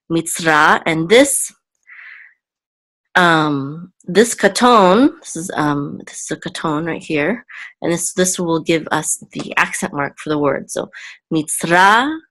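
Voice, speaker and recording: A woman teaching a reading lesson, patient and careful, often pausing with ums and repeating syllables. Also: deep voice, expressive, a bit bright. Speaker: Hebrew teacher.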